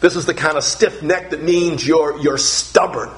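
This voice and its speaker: An earnest male pastor preaching a sermon, pressing his points with emphasis and repeating words as he goes. His voice sits a bit high. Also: steady tone, moderate pace, a little hiss or hum.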